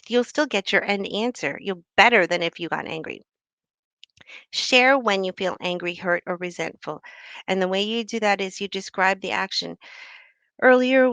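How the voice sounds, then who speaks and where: A woman's voice: medium pitch, fairly bright tone, clean tone, no room sound. A middle-aged woman and doctor giving a conversational talk on speaking up, often acting out the example phrases she teaches. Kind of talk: talk on assertive communication.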